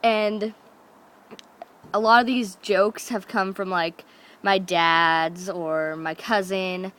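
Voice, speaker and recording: A woman's voice: medium pitch, fairly even intonation, slow, fairly bright tone. Chatty young woman vlogging. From Alaska. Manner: chatty, rambling, slips into voices for family members. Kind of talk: casual storytelling to camera.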